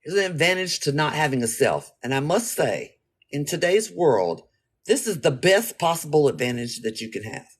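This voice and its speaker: A woman's voice: deep voice, sing-song, normal speed, slightly rough. A woman vlogging to camera in a blunt, profane way, acting out her own reactions as she talks. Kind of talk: casual talk to camera.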